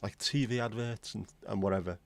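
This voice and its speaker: A man's voice: on the low side, fairly even intonation, fairly quick, creaky, dry recording. Blunt, rambling English man. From England. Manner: opinionated, blunt, rambling with asides. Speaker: livestream host. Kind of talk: casual chat.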